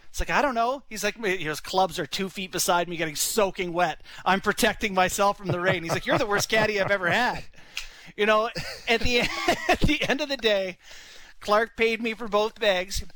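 A man's voice: high-pitched, pushed and bright, dry recording, rough recording. A young man telling a long personal story in a rambling, casual way, full of "you know" and "like". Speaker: son-in-law telling a story.

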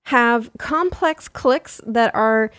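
A woman co-hosting a casual educational podcast, chatty and quick to laugh as she explains. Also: fairly high pitch, fairly bright tone, clear, resonant tone, dry recording. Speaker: podcast co-host.

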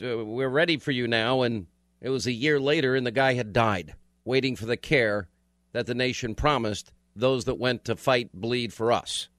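A man's voice: mid-range voice, fairly bright tone, dry recording, clean studio sound. A man hosting a call-in radio show, joking and folksy while giving callers advice. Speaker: radio talk show host. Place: radio studio.

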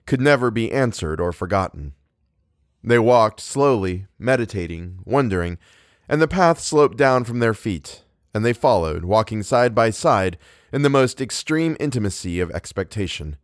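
Low-voiced man reading a novel. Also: expressive, normal speed, dry recording, studio quality. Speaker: narrator. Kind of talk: audiobook reading.

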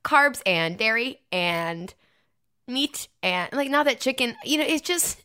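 A woman's voice: fairly high pitch, animated, a little slow, sharp tone, smooth. A woman co-hosting a podcast, chatting casually and wryly and laughing easily, close on a desk microphone. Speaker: podcast co-host. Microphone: desk microphone close to face.

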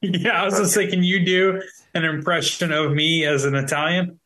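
A man's voice: high voice, fairly even intonation, normal speed, pushed and bright. A man co-hosting a comedy podcast, trading crude, playful banter. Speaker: podcast co-host. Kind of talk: casual comedy podcast chat.

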